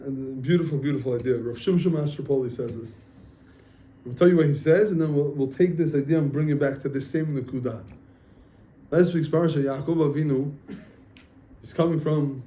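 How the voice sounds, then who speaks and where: A man's voice: a little high, mellow. A man, a rabbi, giving a casual sermon and telling stories, often checking with his listeners. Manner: conversational, asks listeners questions.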